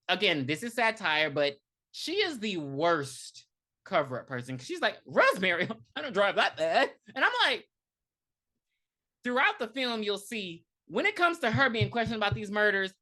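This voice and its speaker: Woman podcaster rambling thru a movie plot, lotsa um and like, bright lively voice. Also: mid-range voice. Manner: animated retelling with lots of fillers and laughs. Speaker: podcast co-host. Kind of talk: casual movie review chat.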